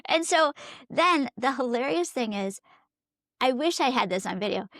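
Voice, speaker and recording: A woman's voice: sits high, normal speed, no echo, studio quality. A woman co-hosting a parenting podcast who tells stories with energy, acting out quotes and laughing often. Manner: animated storyteller, acts out quotes, laughs often. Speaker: podcast co-host. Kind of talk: casual parenting chat.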